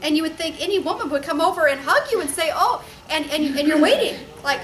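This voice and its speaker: A woman hosting a casual faith-based chat, gentle and earnest, laughing through her stories. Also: very high-pitched, animated, brisk, few pauses, recorded from a distance, a crowd in the background, rough recording.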